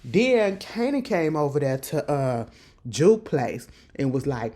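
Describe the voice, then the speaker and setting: A woman casually recapping a TV episode, telling it in lively slang and acting out what the characters say. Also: low-pitched, takes it slowly. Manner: animated, slangy storytelling that acts out the characters' lines.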